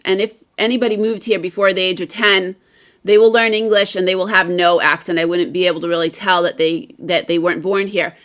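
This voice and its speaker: Bright, upbeat American woman. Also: medium pitch. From United States. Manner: enthusiastic, rambling with fillers. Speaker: guest English teacher. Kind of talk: casual video-call chat.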